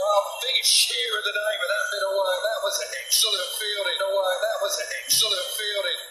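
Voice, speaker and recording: A man giving live cricket commentary, calmly analysing the bowling and batting. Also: high voice, roomy sound, over music, low-quality recording. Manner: analytical, measured.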